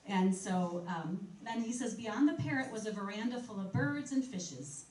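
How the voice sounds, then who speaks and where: A woman's voice: medium pitch, lively intonation, normal speed, a little mellow. A woman giving a museum history talk in a conversational manner, reading passages aloud from old articles. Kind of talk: public history presentation. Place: museum program room. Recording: echoey room, speaker far from mic, faint noise.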